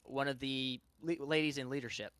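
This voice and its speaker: A man's voice: mid-range voice, steady tone, moderate pace, a bit bright, a little hiss or hum. A man from Louisiana with a Southern accent, talking in a casual live-stream chat and rambling through his thoughts with frequent restarts. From Louisiana, USA. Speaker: guest streamer.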